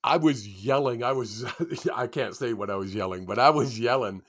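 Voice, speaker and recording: A man's voice: mid-range voice, moderate pace. A man co-hosting a casual sports podcast, laughing often as he tells stories. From Canada. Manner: laughs often, lively storytelling. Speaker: podcast co-host.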